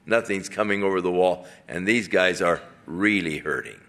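Man, preacher, bright forceful tone, acts out characters. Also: deep voice, moderate pace. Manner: animated storyteller acting out characters. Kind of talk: sermon storytelling.

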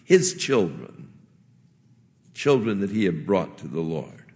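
A man preaching a sermon as a pastor, in a gentle, conversational way with earnest pauses. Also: sits low, very animated, big-room sound.

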